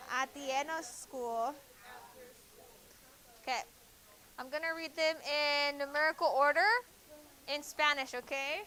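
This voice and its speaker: Young woman, classroom Spanish teacher, high-pitched, drills words with brief asides. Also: bright, forceful tone, poor audio. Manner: drills vocabulary, quick asides to students.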